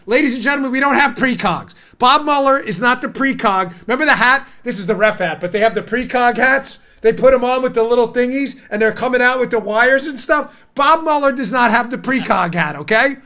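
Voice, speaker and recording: A middle-aged man hosting a political talk show, animated and acting out mock scenes with quick asides. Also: very high-pitched. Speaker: host.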